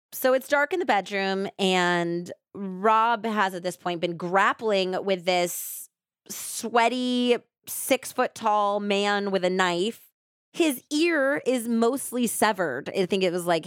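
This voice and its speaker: A woman hosting a true crime podcast, retelling the case in a casual, animated way full of quoted voices and asides. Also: medium pitch, clean tone, no echo, studio quality. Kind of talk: casual storytelling narration.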